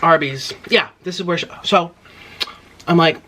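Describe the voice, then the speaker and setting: A man's voice: a little high, normal speed, slight background noise. Guy doing a mukbang, telling a drive thru story all worked up, voice bouncing all over. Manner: animated, indignant retelling with mouth-full murmurs. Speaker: mukbang host. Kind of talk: storytelling while eating on camera.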